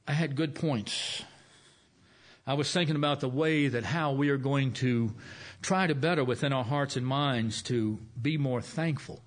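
A middle-aged male pastor giving a folksy, conversational sermon, slowing down with soft emphasis and long pauses. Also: medium pitch.

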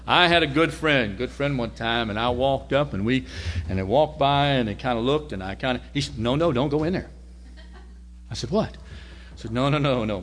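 Male preacher, mid-pitched, folksy storytelling sermon, swings between loud and hushed. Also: slight background noise. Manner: conversational, varies loudness from loud to near-whisper.

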